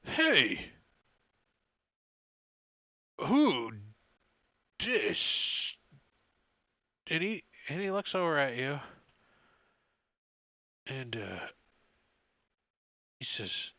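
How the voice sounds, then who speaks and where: A man's voice: medium pitch, big pitch swings, slow pace, long pauses, sharp tone, no echo, dull audio. A man running a tabletop game as dungeon master, narrating loosely with lots of "uh" and "like". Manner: loose, rambling narration full of "uh" and "like".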